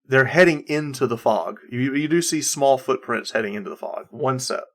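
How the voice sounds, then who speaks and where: Male game master, mid-pitched, rambling narration, frequent restarts. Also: moderate pace, a bit bright. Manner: rambling, with many fillers and restarts.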